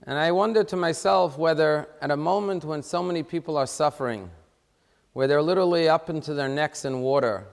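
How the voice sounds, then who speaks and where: A man's voice: a little high, fairly quick, gravelly, big-room sound. A man giving a sermon as a rabbi, telling a joke in a wry, conversational storytelling way before turning to a serious question.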